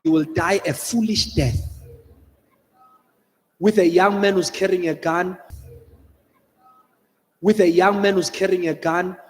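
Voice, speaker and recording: A man's voice: high voice, steady tone, a little slow, pauses often, long reverb tail. A man with a South African accent preaching a sermon as a pastor, earnestly pleading and repeating his warnings, slipping Xhosa phrases into his English. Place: church hall.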